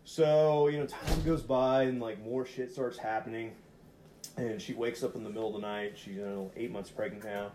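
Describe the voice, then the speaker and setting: A man's voice: mid-range voice, normal speed, a little hiss or hum. A man co-hosting a podcast, telling a story in casual chat, rambling with lots of "like" and swearing, and acting out the voices in his quotes. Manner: rambling, heavy use of "like" and swearing; animated, acts out voices in retold quotes. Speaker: podcast co-host.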